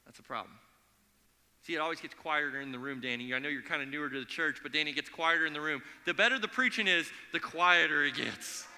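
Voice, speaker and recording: A man preaching a sermon in a church, telling stories in an animated way and acting out the voices of the people in them. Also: on the high side, fast, long reverb tail. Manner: animated storytelling, acts out quoted voices. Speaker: pastor. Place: church sanctuary.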